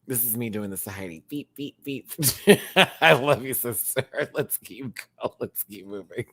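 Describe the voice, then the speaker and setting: A man in his thirties, a drag queen, giving a sassy, animated casual review and laughing often while answering viewers. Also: on the low side, normal speed, husky. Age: 30s. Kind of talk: casual chatty episode review.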